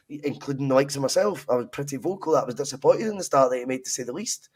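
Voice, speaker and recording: A Scottish man co-hosting a podcast, talking football in a casual, opinionated and animated way, swearing freely. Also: mid-range voice, quick pace, husky. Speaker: podcast co-host.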